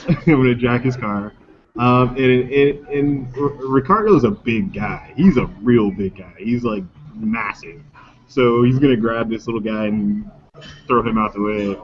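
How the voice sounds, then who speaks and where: A man's voice: mid-range voice, a little slow, crowd noise. A man playing a tabletop game, urgently declaring what his character does. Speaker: player. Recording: dull lo-fi recording, faint noise.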